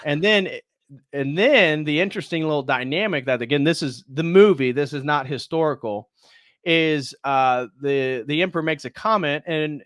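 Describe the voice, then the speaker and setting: A man's voice: fairly high pitch, moderate pace, a bit bright, no echo, studio quality. A man hosting a casual movie review on a live stream, retelling scenes and now and then acting out the characters' lines. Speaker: host.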